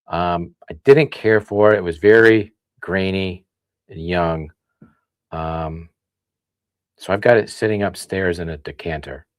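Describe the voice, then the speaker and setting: A man from the Midwest hosting a casual livestream, chatting and thinking out loud as he reads comments. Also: low voice, measured pace, clean tone, no room sound, clean studio sound. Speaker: livestream host. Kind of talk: casual tasting livestream chat.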